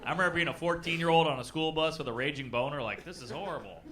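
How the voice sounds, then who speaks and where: A man's voice: a little high, racing, crowd noise. A man in his forties doing a stand-up comedy set with a punchy, conversational, self-deprecating delivery. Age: 40s. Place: comedy club stage. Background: audience laughter.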